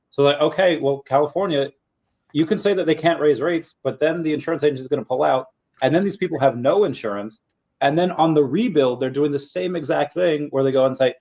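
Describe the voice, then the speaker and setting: A man's voice: mid-range voice, darkish tone. Man, podcast co-host, fired-up rant, casual chat. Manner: fired-up ranting, quick asides.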